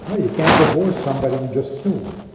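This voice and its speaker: A man's voice: medium pitch, animated, fast talker. A man giving a talk on marriage, telling stories and acting out the people in them, with rhetorical questions. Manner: acts out quoted speakers, rhetorical questions. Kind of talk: lecture with storytelling. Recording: echoey hall with background noise.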